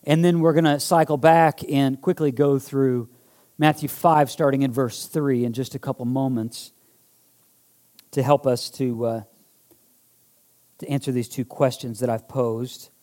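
A man's voice: medium pitch, fairly even intonation, unhurried, darkish tone. A male pastor preaching a sermon. He builds to fervent, emphatic repetition and leads the congregation in call-and-response.

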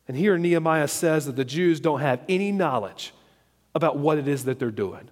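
A man's voice: a little high, expressive, brisk, darkish tone, long reverb tail. A man teaching from a Bible chapter in a conversational sermon, often checking in with his listeners as he explains. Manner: conversational, checks in with "okay?" and "all right?". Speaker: preacher.

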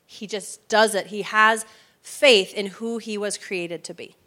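A woman's voice: mid-range voice, steady tone, unhurried, sharp tone. A woman preaching a sermon with emphatic, preacherly delivery, often asking her listeners for agreement.

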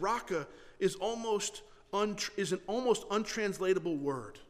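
High-voiced preacher in a reverberant hall. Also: male voice. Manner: earnest, repeats and restarts phrases, asks the listeners questions. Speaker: pastor. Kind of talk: sermon.

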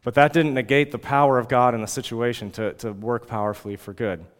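A man in his forties preaching a sermon as pastor, earnest and lively, now and then acting out pleading prayers. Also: medium pitch, fairly quick, big-room sound.

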